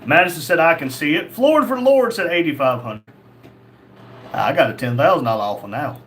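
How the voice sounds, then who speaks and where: On a casual livestream, a man reads out chat messages and responds crudely, bluntly, and jokingly. His voice sits on the high side and is expressive, fairly quick, and fairly bright.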